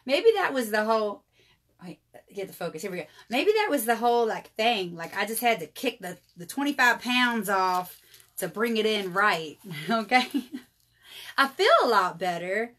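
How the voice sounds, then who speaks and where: A woman's voice: mid-range voice, animated, moderate pace, fairly bright tone. A woman, chatting through a live jewelry sale and calling her viewers y'all. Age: 30s. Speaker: jewelry seller. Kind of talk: live jewelry sales stream.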